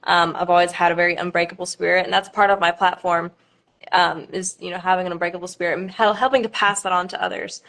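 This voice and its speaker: A woman's voice: on the low side, steady tone, fast talker, vocal fry, fairly bright tone. A young woman, a pageant contestant, chatting on a live stream with nervous laughter and many fillers.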